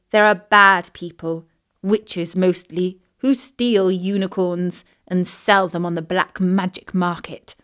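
Woman doing a storybook great-aunt, older, calm, knowing, soft and unhurried. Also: mid-range voice.

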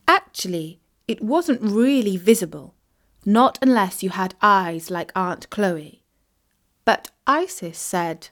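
A woman reading a children's story aloud, gentle and expressive. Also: medium pitch, takes it slowly. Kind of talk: storybook narration read aloud.

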